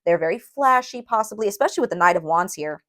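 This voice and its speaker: Woman tarot reader, mid pitch, emphatic and emotional, talks straight to camera. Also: animated, fast, a bit bright. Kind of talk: tarot reading.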